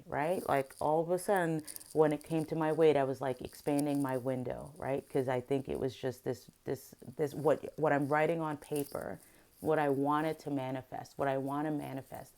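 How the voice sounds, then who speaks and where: A woman's voice: sits low, creaky, dark tone. A middle-aged woman telling an upsetting story in a confessional vlog, emotional and full of restarts. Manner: emotional, venting, with many restarts. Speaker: vlogger and therapist.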